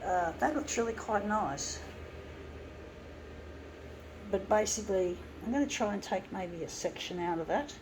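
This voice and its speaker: A woman's voice: mid-range voice, moderate pace. Aussie woman chatting on and on to her viewers, noisy room hum behind. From Guam. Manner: rambling, chatty, addresses viewers as folks. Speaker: vlogger. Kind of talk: casual crafting vlog. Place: home lounge room with a fan.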